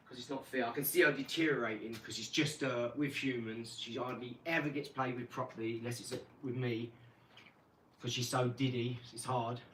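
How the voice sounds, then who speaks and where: A man chatting casually about his dogs, jumping into animated bits whenever he acts out a scene. His voice sits at an ordinary middle pitch. He is recorded a little off-mic in an echoey room, with clear background noise. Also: recorded from a distance. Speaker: vlogger. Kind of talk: casual rambling storytelling.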